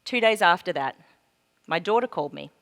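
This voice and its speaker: A woman with an Australian accent giving a keynote speech, telling a personal story with heartfelt feeling that swings from loud to hushed. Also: lowish voice, expressive, fairly quick, gravelly. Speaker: keynote speaker. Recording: long hall reverb.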